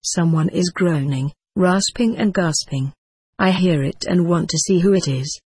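A woman narrating a first-person memoir in a measured, somber storytelling manner. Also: lowish voice, darkish tone, breathy edge, no room sound. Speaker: audiobook narrator.

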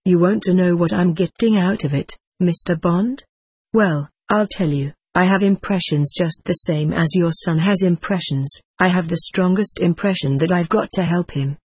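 Reader voicing a blunt male doctor, middle-aged, husky, plain-spoken, dry close sound, mid pitch. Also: normal speed, no room sound, close to an everyday voice. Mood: firm.

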